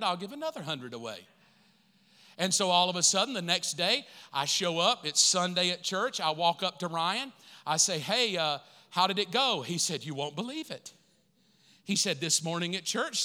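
A male pastor preaching a sermon full of stories, his telling animated and rising to excited emphasis. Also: high voice, in a large hall. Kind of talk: storytelling sermon.

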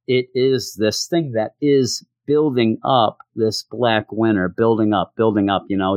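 A man's voice: lowish voice, steady tone, unhurried, hardly any pauses, a little mellow, no room sound, studio quality. Rambling man reviewing comics. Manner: rambling, enthusiastic, lots of fillers. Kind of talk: casual video review.

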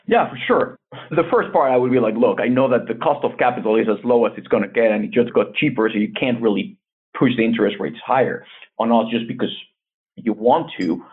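A man's voice: medium pitch, brisk, breathy edge. Man on a tinny phone-like line. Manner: earnest, advisory, frequent restarts. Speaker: investment bank CEO, guest. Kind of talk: conversational interview answers.

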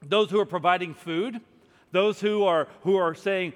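A male preacher with a fairly high voice delivers an emphatic sermon and reads scripture aloud. He drops to hushed tones, then rises to loud declarations. His voice rings with a long reverb. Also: moderate pace.

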